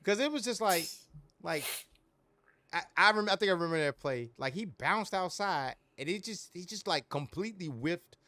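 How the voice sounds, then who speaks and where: Sports podcast guy, super lively voice, laughs a lot, dry close mic. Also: sits high, moderate pace, dry recording. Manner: animated, laughing, loose slang. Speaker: podcast co-host. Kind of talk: casual sports podcast chat.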